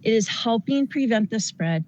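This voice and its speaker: A woman's voice: a little high, animated, moderate pace, darkish tone, a little hiss or hum, poor audio. A woman who works as a nurse, giving an earnest, pleading public comment at a county board meeting. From Colorado.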